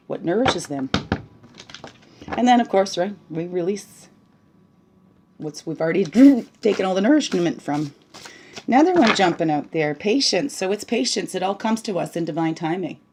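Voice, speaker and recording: A woman with a lowish voice chats through a casual spiritual teaching while reading oracle cards. Bubbly in manner, she keeps tagging on "right?" and dropping into soft, hushed asides.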